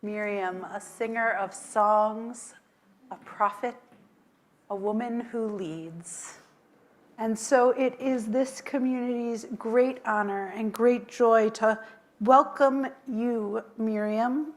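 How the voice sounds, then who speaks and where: Slow, gentle woman rabbi leading a service. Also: on the high side. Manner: tender, chants Hebrew blessings. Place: synagogue sanctuary.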